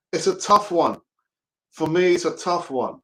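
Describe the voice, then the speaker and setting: A man's voice: on the high side, lively intonation, takes it slowly, pushed and bright, rough recording. A young man hosting a fan channel's live show, talking in a chatty, jokey, rambling way and often restarting his sentences. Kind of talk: casual live show talk.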